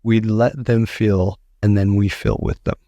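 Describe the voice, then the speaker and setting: A man's voice: fairly low pitch, fairly even intonation, unhurried, gravelly, warm tone, no echo, muffled recording. A man speaking as an author and podcast guest, telling his story earnestly and repeating phrases for emphasis.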